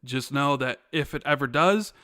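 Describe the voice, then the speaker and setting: A man's voice: mid-range voice, moderate pace, sharp tone, dry recording. A man hosting a podcast, casual and joking, teasing his co-host. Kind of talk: casual chat.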